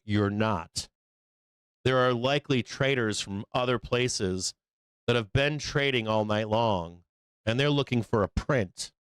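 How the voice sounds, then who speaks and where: Male trading-show host, smooth clear voice, dry close mic, loose and profane, mid pitch. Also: dry recording. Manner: profane, casual, acts out traders in quick asides. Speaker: stock market show host. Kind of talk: live trading explanation.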